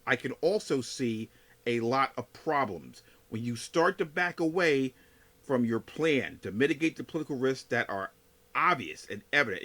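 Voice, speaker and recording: A man hosting a solo podcast, giving a measured, emphatic analysis as a political scientist. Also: medium pitch, a bit bright.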